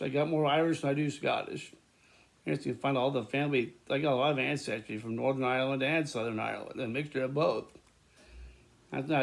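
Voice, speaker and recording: A man talking in a rambling, casual monologue to his viewers, repeating words, restarting sentences and breaking into loud laughter. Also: medium pitch, a little hiss or hum. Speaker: vlogger.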